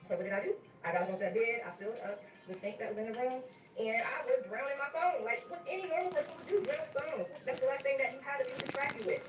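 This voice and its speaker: A woman telling a personal story in an animated, conversational way, often speaking straight to her listeners. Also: high-pitched, racing, music in the background. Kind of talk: casual storytime narration. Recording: roomy, distant sound.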